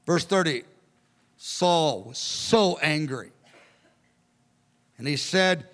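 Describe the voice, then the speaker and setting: A man preaching a verse-by-verse Bible teaching in an animated, conversational way, acting out the characters as he goes. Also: fairly high pitch, very slow, pauses often. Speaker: pastor. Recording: long hall reverb.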